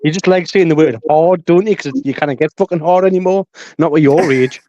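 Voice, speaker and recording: A man calling in to a live stream, throwing slow, blunt insults. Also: fairly high pitch, highs cut off, a crowd in the background. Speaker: caller. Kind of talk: crude banter on a live call-in stream.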